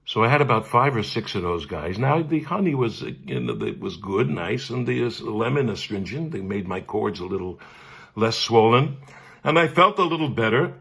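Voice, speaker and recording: Animated older New storyteller man. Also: fairly low pitch, moderate pace, creaky, slightly rough. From Brooklyn, New York. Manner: animated, laughs often, acts out voices. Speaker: cantor. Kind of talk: humorous personal storytelling.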